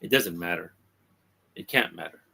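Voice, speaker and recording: A man's voice: low voice, moderate pace, vocal fry, bright, forceful tone, slight background noise, pitched below the performer's own voice, full character voice. A man reading as a wistful young woman. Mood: quiet. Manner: plain reading, with little change of voice. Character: wistful young woman rejecting her lover. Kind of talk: reading comic dialogue aloud.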